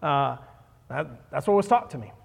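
A man in his thirties gives a sermon from a church hall, his voice a bit high for a man. He speaks haltingly, with many fillers, restarts and self-deprecating asides. A long reverb hangs on every phrase. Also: sing-song, gravelly. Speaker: pastor.

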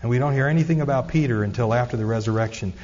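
A man's voice: medium pitch, racing, a little mellow. A man preaching a sermon as pastor, earnest and conversational, with frequent asides to the congregation. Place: church sanctuary. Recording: echoey hall, dull lo-fi sound.

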